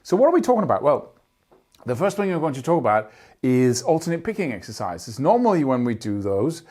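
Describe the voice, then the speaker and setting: A man's voice: medium pitch, big pitch swings, brisk, a little mellow. A man teaching guitar, explaining picking technique earnestly and emphatically, often sounding out rhythms with syllables. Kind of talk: instructional talk to camera.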